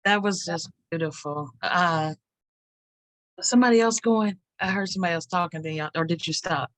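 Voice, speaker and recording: A woman on a video call chatting casually at an open mic, praising a poem with fillers and gushing warmth. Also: fairly low pitch, moderate pace, no echo. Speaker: open mic participant and writing teacher. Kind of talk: casual chat.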